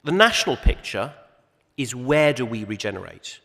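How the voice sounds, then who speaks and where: Male panel chair, wry and measured, recorded in a large reverberant hall. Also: mid-range voice, sing-song, gravelly, sharp tone, husky. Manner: measured, wry, with many restarts and asides. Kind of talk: conference opening speech.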